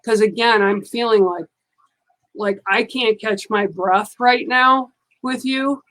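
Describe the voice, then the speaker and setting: A woman's voice: a little high, takes it slowly, fairly bright tone, poor audio. A woman giving a psychic card reading on a live stream, speaking in a soothing, reassuring way and often checking in with "okay".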